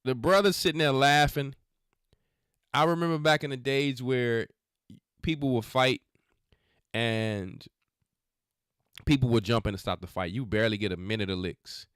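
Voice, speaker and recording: A man hosts a faith podcast, reacting to clips with scolding, preachy remarks in casual slang. His voice is smooth and resonant, recorded dry and close with no room sound. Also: mid-range voice, fairly quick, a bit bright, dry recording. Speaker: podcast host. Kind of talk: religious commentary on videos.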